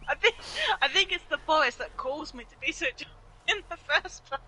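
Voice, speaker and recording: A woman with a high, very bright voice bantering on a game stream, teasing and breaking into laughter. Her tone is sharp and cutting, with a faint hiss behind it. She talks casually. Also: normal speed, low-quality recording. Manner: playful teasing, laughs often. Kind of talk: casual gaming stream chat.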